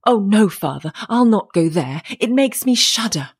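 A woman's voice: mid-range voice, very animated, moderate pace, husky. A woman reading a storybook voices a simple-minded young boy who does not know fear. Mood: fearful.

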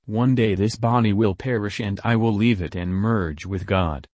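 A man voicing a calm old saint. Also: lowish voice, no room sound, close to an everyday voice. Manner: calm, gentle, unhurried speech.

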